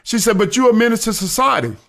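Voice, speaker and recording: A man's voice: high-pitched, very animated, fast talker, vocal fry, fairly bright tone. A man telling a story in an earnest, casual way, who repeats himself for emphasis. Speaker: storyteller recounting his arrest.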